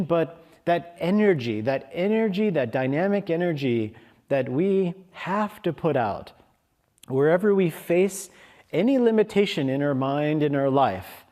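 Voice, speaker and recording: Slow-spoken man giving a sermon. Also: a little high, a little mellow. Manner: slow, storytelling, briefly acting out lion and sheep voices. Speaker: minister giving a Sunday service talk. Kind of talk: sermon with a told story. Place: hall of a spiritual community.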